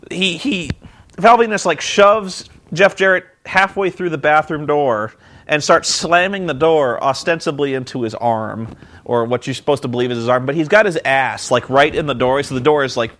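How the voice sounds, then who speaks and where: A reviewer with a medium-pitched, somewhat bright voice gives a sarcastic, comedic recap of a wrestling show. Mocking throughout, he often acts out the people involved in silly voices.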